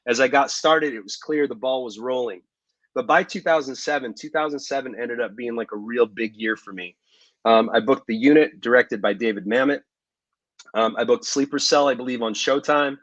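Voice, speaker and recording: A man, an actor as interview guest, telling stories in a relaxed way with many fillers and asides. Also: mid-range voice, normal speed, no echo, lo-fi sound. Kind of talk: casual interview storytelling.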